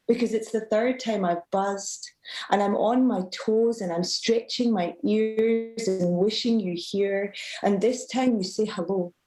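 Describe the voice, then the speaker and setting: A woman, a student poet, reading her poem aloud at a live event with a measured, emotive delivery. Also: mid-range voice, gravelly, darkish tone, rough recording. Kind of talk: poetry reading.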